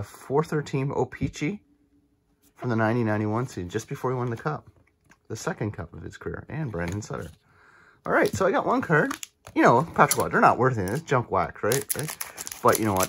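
A man hosts a casual pack-opening video, reacting with excitement to each card as he chats along. His voice is a little husky and swings widely in pitch as he talks. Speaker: card collecting channel host.

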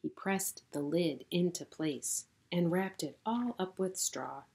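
A middle-aged woman pastor reading a children's story aloud in a gentle storytelling manner. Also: fairly low pitch, lively intonation. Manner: gentle, slow, warm storytelling.

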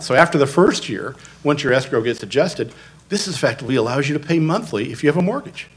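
A man's voice: mid-range voice, expressive, fast talker. A middle-aged man giving an explanatory presentation at a city commission meeting, stressing his key words with emphasis. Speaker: assessment consultant addressing city commission.

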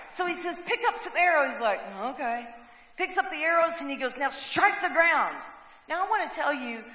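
A woman's voice: high-pitched, fairly quick, bright, forceful tone. A woman pastor preaching a sermon, telling the story with acted voices and humor. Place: church sanctuary. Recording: echoey hall, long reverb.

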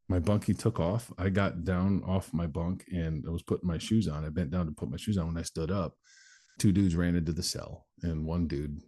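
This man has a low voice with a dark tone. He's a motivational speaker appearing as an interview guest, and he recounts his personal story candidly and bluntly, in plain language with an occasional swear word.

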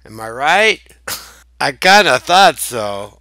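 A man's voice: mid-range voice, sing-song, slow, pushed and bright, dry recording. A man teaching math in a playful, chatty video lesson, joking and chuckling as he works through problems.

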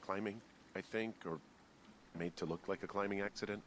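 A man's voice: lowish voice, steady tone, normal speed, a bit bright, lightly acted. An actor playing a weary middle-aged male fire lookout in a video game, speaking in a subdued, somber way. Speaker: game character. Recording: noisy game audio.

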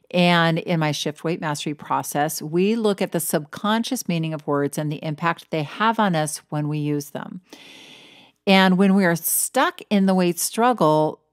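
A woman's voice: low voice, no echo, studio quality. A middle-aged woman hosting a casual solo podcast as a weight loss coach, chatty and self-deprecating, laughing at herself.

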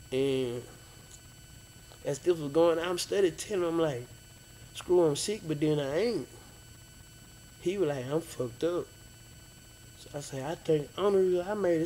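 A man with a somewhat high voice for a man recalls events in a relaxed, rambling way. He drops slang like "fam" and "bro". A faint hiss of background noise runs under his voice. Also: low-quality recording. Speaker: interviewee, friend of the late DJ. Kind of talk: casual storytelling interview.

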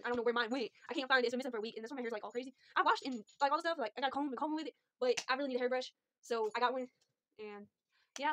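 At home with her phone, a woman casually rambles through her shopping haul in a chatty, self-deprecating way, saying "y'all" like a southerner. Her voice is a little high and a bit bright, and a faint hiss or hum runs under it.

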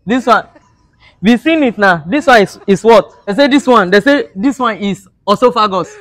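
A man's voice: sits high, expressive, normal speed, over music. Mock-outraged comic man. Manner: mock-outraged, pleading, broken English for laughs. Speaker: comedian. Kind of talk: comic monologue to camera.

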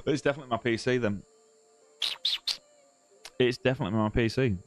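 A southern English man hosts a live fishing-game stream from a room at home, talking casually with viewers and teasing them. His mid-range voice moves a little fast, with frequent pauses and restarts, and he tags lines with lots of "mate" and "bro". Faint music plays behind him.

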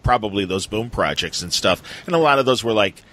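A man's voice: fairly low pitch, expressive, brisk, fairly bright tone, rough recording. A man hosting a podcast, chatting casually in a rambling, enthusiastic way with lots of fillers. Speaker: podcast host. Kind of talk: casual chat.

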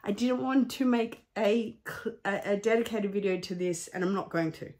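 A woman's voice: mid-range voice, moderate pace, darkish tone. A middle-aged woman vlogging, talking emphatically and getting heated. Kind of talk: candid vlog rant.

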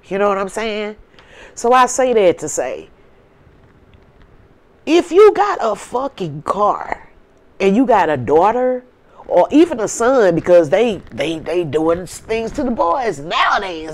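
A woman's voice: medium pitch, very animated, moderate pace. A woman host telling a personal story in a candid, blunt way, often tagging lines with "you know what I'm saying.". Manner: blunt, profane and conversational. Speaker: advice channel host.

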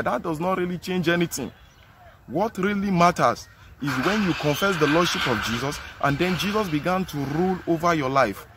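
A man's voice: a little high, a bit bright, a little hiss or hum. Earnest Nigerian preacher man, outdoors. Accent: Nigerian English. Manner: earnest, emphatic, repeats phrases. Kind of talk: sermon.

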